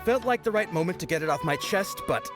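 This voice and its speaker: A man's voice: sits high, lively intonation, quick pace. An actor playing a shy, earnest young knight in a video game, talking hesitantly about the woman he loves. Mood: bashful. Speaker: game character. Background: game music.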